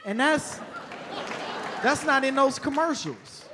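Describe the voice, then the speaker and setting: A man performing a stand-up comedy set on stage, telling stories in an animated, conversational way. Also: a little high, moderate pace, a faint crowd, a little hiss or hum.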